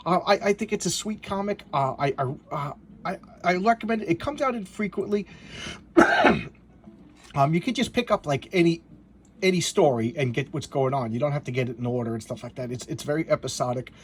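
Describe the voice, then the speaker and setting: A man casually reviewing a comic book, rambling with excited asides and restarts as he pages through it. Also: a little high, fairly quick, a little hiss or hum. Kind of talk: casual comic review, reading panels aloud.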